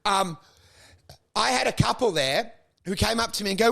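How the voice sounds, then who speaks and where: Young guy ranting a crude story on a podcast, high voice, bouncing all over the place. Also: animated, normal speed, gravelly, long pauses, pushed and bright. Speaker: stand-up comedian and podcast co-host.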